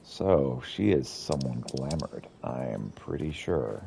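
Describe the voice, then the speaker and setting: Low-voiced man musing over gameplay. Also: takes it slowly, creaky, slight background noise. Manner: relaxed, musing asides. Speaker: game streamer. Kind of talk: casual gameplay commentary.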